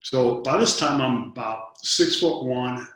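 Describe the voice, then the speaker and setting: A man's voice: mid-range voice, unhurried, fairly bright tone. A man in his fifties from Detroit, telling personal stories in an interview and acting out the dialogue, often repeating his first words. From Detroit, United States. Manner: earnest storyteller, acts out dialogue, repeats words when starting a thought. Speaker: interview guest. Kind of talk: storytelling in an interview. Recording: very echoey room.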